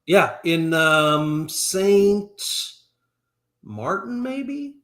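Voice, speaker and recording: A middle-aged man co-hosting a live stream, telling animated anecdotes in a casual chat. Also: high voice, very slow. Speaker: co-host of a real estate live stream.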